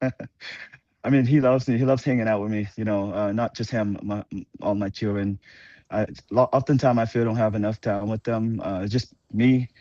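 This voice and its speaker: A father talking on a group call in an earnest, halting way with many fillers. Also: medium pitch, dark tone, no room sound, dull audio. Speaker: guest on a partners call. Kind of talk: casual chat.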